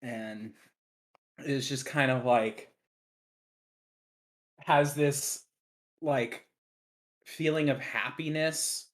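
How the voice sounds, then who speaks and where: Slow, hesitant tabletop player. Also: medium pitch. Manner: hesitant, full of ums and likes. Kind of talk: playing a character in a tabletop game.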